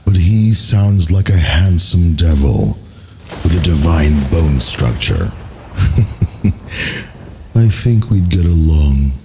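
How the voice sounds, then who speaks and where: A man's voice: low-pitched, animated, dark tone, full character voice. A man voicing a grand, boastful male whiskey god who gives theatrical tasting notes over music. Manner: slow, grandiose, theatrical tasting-note delivery. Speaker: whiskey taster.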